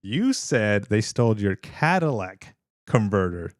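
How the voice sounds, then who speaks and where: A man voicing an excitable, fussy man who corrects his friend in a high, exaggerated, pedantic voice and explains slowly and overly patiently. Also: dry recording, clean studio sound. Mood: mock patient.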